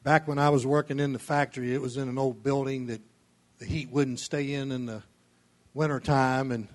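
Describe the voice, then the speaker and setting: A middle-aged man preaching a sermon in a folksy storytelling way, chuckling often and swelling loud on key phrases. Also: medium pitch, steady tone, normal speed.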